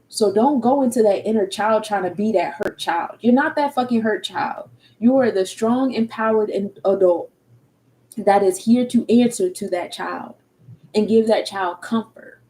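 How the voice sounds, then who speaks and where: A woman's voice: medium pitch, moderate pace, warm tone, low-quality recording. A woman in her thirties with a Philadelphia accent, talking candidly and casually in slang, cursing freely as a tarot reader and energy coach. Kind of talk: casual livestream talk.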